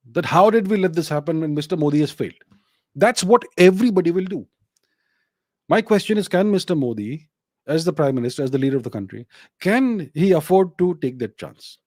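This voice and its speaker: Emphatic Indian man, lively pitch. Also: a little fast, no room sound, clean studio sound. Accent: Indian English. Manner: emphatic, fires rhetorical questions at the listener. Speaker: host answering viewer questions. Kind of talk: solo commentary talk.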